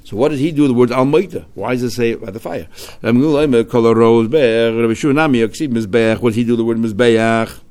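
A man's voice: medium pitch, fast, darkish tone. A man teaching a religious text passage, mixing Hebrew and Aramaic study terms into English and asking himself questions before answering them. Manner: asks himself questions and answers them, rising sharply on key points. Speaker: Talmud teacher.

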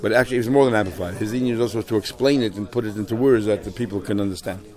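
Man, Talmud teacher, quick pace, animated, Hebrew terms. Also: fairly low pitch. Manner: animated explaining, loose restarts, Hebrew and Yiddish terms. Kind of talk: Talmud class lecture.

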